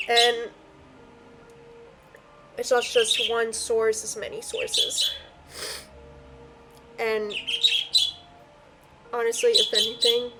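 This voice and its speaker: A woman's voice: on the high side, level tone, takes it slowly, long pauses, heavy background noise. A woman giving a heartfelt solo spiritual reading, earnest and emotional, her voice close to tears at times. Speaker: tarot and I Ching reader.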